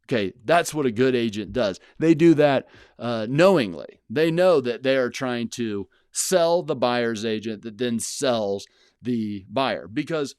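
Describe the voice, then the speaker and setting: A man's voice: medium pitch, animated, unhurried, darkish tone, clear, resonant tone, no room sound, studio quality. A man hosting his own channel, talking casually and bluntly to the camera, rambling with many fillers and restarts. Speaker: channel host, house flipper. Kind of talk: casual solo talk to camera.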